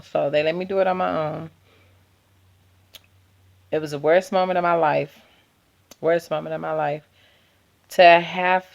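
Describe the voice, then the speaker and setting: A woman's voice: sits low, vocal fry. A woman vlogger, possibly, telling an emotional personal story and quoting herself and her doctors.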